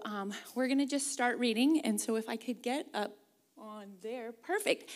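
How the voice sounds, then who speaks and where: A woman from the Pacific Northwest preaching a sermon, earnest and leading the congregation in reading along. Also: a little high. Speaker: guest preacher.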